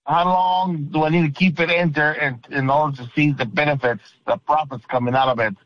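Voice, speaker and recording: A man's voice: a little high, steady tone, brisk, dry recording. Polite male radio caller on a dull line. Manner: polite, eager questions. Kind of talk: phone-in call.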